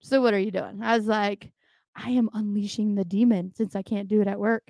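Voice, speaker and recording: A woman's voice: mid-range voice, steady tone, a little fast, darkish tone, no echo, clean studio sound. A young adult woman co-hosting a podcast in casual, blunt, profane chat, laughing often. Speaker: podcast co-host.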